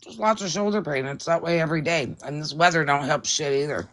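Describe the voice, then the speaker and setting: A woman's voice: low voice, brisk, a bit bright. A woman, a guest on a casual livestream chat, blunt and grumbling in her talk. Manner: blunt, grumbling, talks while eating.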